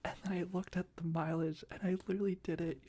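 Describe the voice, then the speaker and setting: A young man talking in a soft, rambling ASMR whisper, full of restarts, as he shares life updates. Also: sits high, little pitch movement, fast talker. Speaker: ASMR creator.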